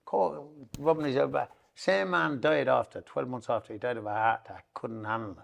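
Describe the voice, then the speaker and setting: Gravelly and mid-range, his voice moves fairly quickly as this middle-aged podcast guest with an Irish Traveller accent tells a long, emotional story. He rambles and keeps swearing it's true.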